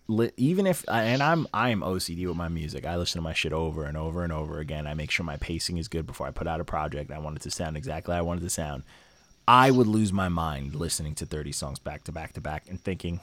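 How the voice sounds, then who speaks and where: Deep-voiced man in loose slangy chat. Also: animated, fast, a bit bright. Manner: loose slangy talk, heavy on fillers. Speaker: podcast host. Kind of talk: casual music review chat.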